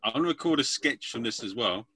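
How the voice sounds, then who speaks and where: A man with a bright, forward voice hosts a comedy podcast over a video call. He rambles playfully and teases his guests. The sound is close and dry. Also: medium pitch, animated, fast, breathy edge, dry recording. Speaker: podcast host. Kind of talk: casual comedy podcast chat.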